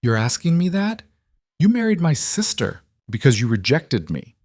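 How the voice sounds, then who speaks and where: A man voicing a young woman who was wronged, speaking in a flat, clipped way. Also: mid-range voice, moderate pace, no echo, clean studio sound, pitched above the performer's own voice. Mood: cold.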